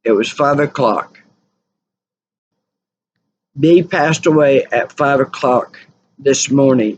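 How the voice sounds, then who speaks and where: A woman telling stories in a rambling, casual monologue, repeating and correcting herself. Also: very deep voice. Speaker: channel host. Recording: dull lo-fi recording with faint noise.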